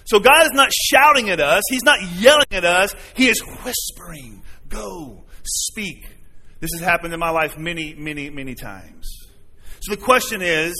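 A pastor gives a sermon in a church sanctuary, talking earnestly and conversationally and regularly asking the congregation questions. His voice is somewhat high, bright and forceful, with a long hall reverb.

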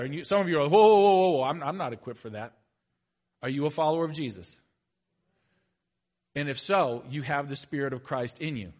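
In a church sanctuary, a male pastor with a fairly high voice preaches animatedly to his congregation. He moves between soft asides and loud, emphatic exhortation.

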